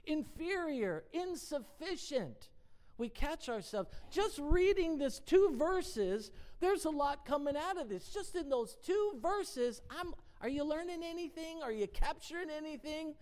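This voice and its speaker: A woman's voice: sits high, lively intonation, a little slow, darkish tone. A woman giving a casual devotional Bible teaching. She reads word definitions aloud, lingers on single words and asks her listeners rhetorical questions. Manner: emphatic, dwells on single words.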